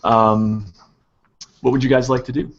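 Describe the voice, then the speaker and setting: A man's voice: mid-range voice, steady tone, a little slow. Hesitant man narrating as game master. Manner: hesitant, many ums. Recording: dull lo-fi audio.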